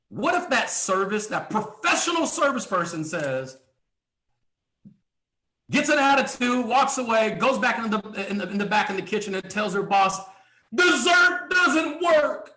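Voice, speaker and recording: Speaking at a live event, a man motivates a crowd with sales training, emphatic and full of rhetorical questions, pausing often to clear his throat. His voice is high and bright with a forceful edge, and the recording is reverberant.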